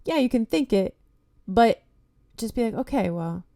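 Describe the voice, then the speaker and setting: A woman's voice: a little high, lively intonation, moderate pace, dark tone, no echo, clean studio sound. A young woman hosting a casual solo podcast, speaking candidly with lots of swearing, "like" and "you know", encouraging her listeners. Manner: encouraging, addresses listeners as "guys". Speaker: podcast host.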